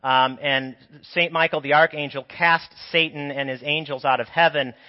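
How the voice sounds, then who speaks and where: A man's voice: fairly high pitch, fairly even intonation, moderate pace. A man with a sore throat delivers a conversational teaching sermon. His voice carries a long, lingering church reverb. The recording sounds dull and lo-fi. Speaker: preacher. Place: church sanctuary.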